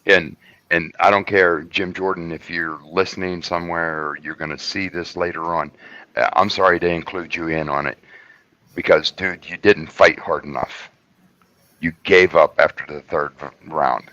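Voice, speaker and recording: A man on a talk panel in heated political chat, speaking forcefully and stressing words slowly. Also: sits low, fairly even intonation, no room sound. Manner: forceful, emphatic, drawn-out stresses. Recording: dry, muffled lo-fi sound.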